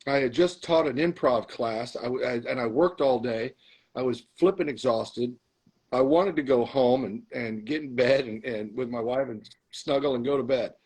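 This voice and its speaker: A middle-aged man telling stories as a podcast guest, animated, acting out arguments with himself. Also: medium pitch, normal speed, slightly rough, low-quality recording. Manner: animated storyteller, acts out arguing with himself. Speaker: guest, comedian and actor. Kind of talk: storytelling in a podcast interview.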